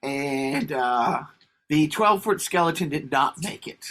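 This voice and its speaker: A man's voice: a little high, lively intonation, a little slow, fairly bright tone. A man co-hosting a podcast, rambling through casual stories and laughing as he talks. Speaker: podcast co-host. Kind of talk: casual chat.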